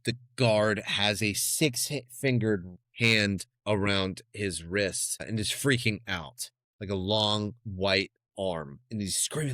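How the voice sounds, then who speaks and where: A man co-hosting a book club podcast, retelling scenes of a novel in a lively, conversational way. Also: lowish voice, slow, dry recording, studio quality. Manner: animated retelling, acting out scenes. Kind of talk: casual book discussion.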